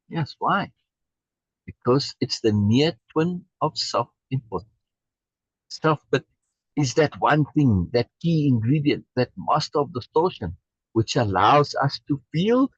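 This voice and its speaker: A man's voice: mid-range voice, expressive, unhurried, slightly rough, no room sound. A man leading a program, reading a text aloud and commenting on it emphatically, repeating key phrases, over a video call. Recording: dull lo-fi video call audio.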